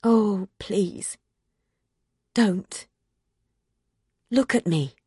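A woman voicing a gentle, calm young man near death, murmuring softly in an audiobook. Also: medium pitch, extremely slow, husky, no room sound, clean studio sound, full character voice. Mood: pleading soft. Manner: soft murmuring, near whisper. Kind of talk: audiobook character voice.

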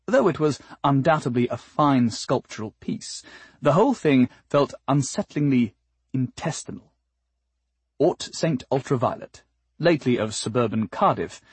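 A man narrating an audiobook in a husky tone. He delivers the story with wry, dry comic timing. The recording is close and dead, with no room sound. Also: mid-range voice, dry recording. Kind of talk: expressive scripted narration.

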